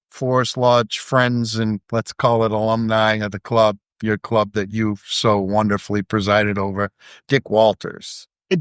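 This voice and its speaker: Smooth-voiced enthusiastic podcast host. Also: male voice, medium pitch, no echo, clean studio sound. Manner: enthusiastic, animated when retelling stories. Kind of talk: conversational interview.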